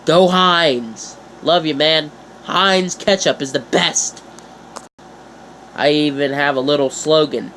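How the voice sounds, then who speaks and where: A teenage boy vlogging in a casual, chatty way, playful and animated, jumping up in pitch for emphasis. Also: takes it slowly, long pauses, slight background noise. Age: teens. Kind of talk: casual chat to camera.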